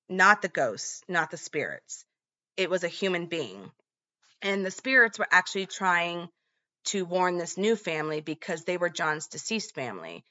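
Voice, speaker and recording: A woman's voice: fairly low pitch, pushed and bright, muffled recording. A woman casually retelling a movie's plot in a chatty vlog, with lots of fillers. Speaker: movie recap vlogger.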